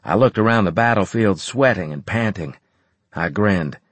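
A man narrating a first-person story in an expressive, storytelling way. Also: fairly low pitch, moderate pace, no echo. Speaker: audiobook narrator.

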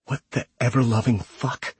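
A man voicing a tough female soldier who speaks in a hushed whisper. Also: mid-range voice, steady tone, normal speed, breathy edge, no room sound. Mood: tense whisper.

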